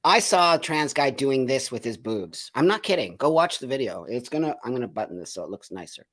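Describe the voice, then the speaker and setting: A man's voice: medium pitch, very animated, brisk, a bit bright. Indignant man ranting on a livestream. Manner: emphatic, repeats phrases for effect. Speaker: host of a live show. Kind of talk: livestream commentary, reading viewer comments.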